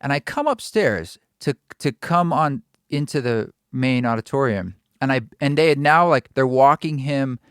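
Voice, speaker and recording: Man with a smooth voice, lively storyteller. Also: medium pitch, normal speed, few pauses, dry recording, clean studio sound. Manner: lively, acts out his own reactions. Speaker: musician and co-host. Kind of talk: casual storytelling chat.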